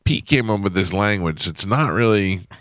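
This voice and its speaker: A man's voice: normal speed, no room sound. A man hosting a morning radio show, telling a funny travel story in casual chat from the studio. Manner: lively, jumps into high-pitched imitations. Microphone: studio microphone.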